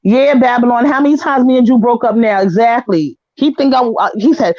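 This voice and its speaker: A woman's voice: a little high, a little fast, hardly any pauses, dry recording, muffled recording. Blunt, profane woman venting on a panel. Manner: blunt, profane, animated storytelling. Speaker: panel guest. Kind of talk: heated casual panel talk. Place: living room. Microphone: home setup, living room.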